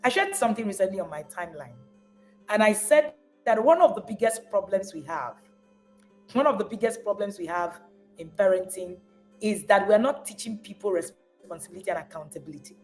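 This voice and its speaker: A woman coaching parents in a lively, emphatic talk, her pitch sitting in an ordinary middle range. She hammers her points by repeating phrases and briefly acts out the parents she describes. Faint music plays softly behind her. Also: a little fast, poor audio. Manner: repeats words when stressing a point.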